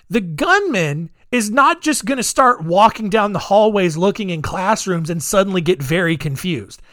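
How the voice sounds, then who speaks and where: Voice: medium pitch, lively intonation, moderate pace, few pauses, a bit bright, no room sound, studio quality. A podcast host giving solo commentary in a rambling way, leaning heavily on filler words. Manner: rambling, heavy use of "like".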